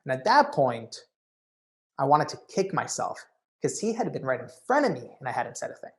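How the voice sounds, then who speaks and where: A man with a mid-range voice tells a story as a keynote speaker. His delivery is animated and conversational. He keeps leaning on "you know" as he builds the tale. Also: mid-range voice, normal speed. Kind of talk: storytelling talk.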